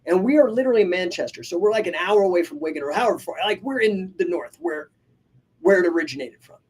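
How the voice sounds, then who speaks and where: A man's voice: high-pitched, lively intonation, quick pace, darkish tone, slightly rough. A man hosting a live podcast, telling stories energetically with many asides and casual swearing. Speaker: podcast host and coach. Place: live stream.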